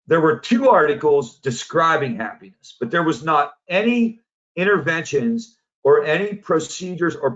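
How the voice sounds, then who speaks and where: A man's voice: mid-range voice, fairly bright tone. Casual storytelling man, dull lo-fi sound. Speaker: positive psychology coach, presenter. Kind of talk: storytelling presentation. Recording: dull lo-fi audio.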